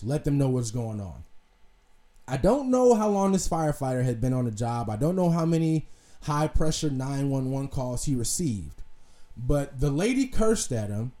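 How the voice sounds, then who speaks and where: Speaking on the high side with a mellow tone, this young podcast host runs a casual commentary monologue. His talk is loose, full of free swearing and trailed-off restarts.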